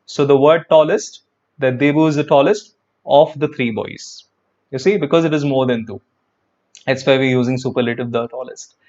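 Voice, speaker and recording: A man teaches an English grammar lesson online, chatty and repetitive, speaking straight to his viewers and answering their comments. His mid-range voice is a little mellow at a moderate pace, and the recording sounds muffled.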